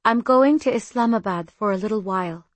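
A woman voicing a kind, grieving wealthy lady of the house in an audiobook, speaking gently and wistfully. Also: medium pitch, brisk, no room sound, natural voice.

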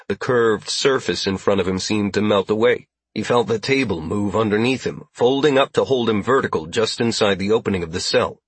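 Brief: male narrator, low-pitched, husky, steady scripted narration, dry close mic. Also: no room sound. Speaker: audiobook narrator.

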